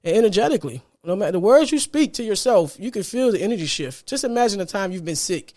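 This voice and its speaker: A man's voice: high-pitched, very animated, fast talker, hardly any pauses, a little mellow. A man hosting a podcast, giving a casual motivational monologue, earnest and repetitive, often ending phrases with "man". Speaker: podcast host.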